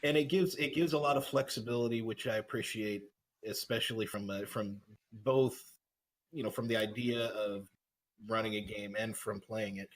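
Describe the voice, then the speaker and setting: A man's voice: on the low side, normal speed, poor audio. A man, a player in a tabletop game, talking in a rambling way and restarting phrases over a video call. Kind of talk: casual chat after a tabletop game.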